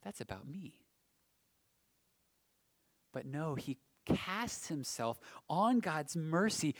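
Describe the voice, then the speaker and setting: A man preaching a sermon, swinging from loud emphasis to hushed, almost whispered passages. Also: fairly high pitch, big pitch swings, slow, pauses often, no echo.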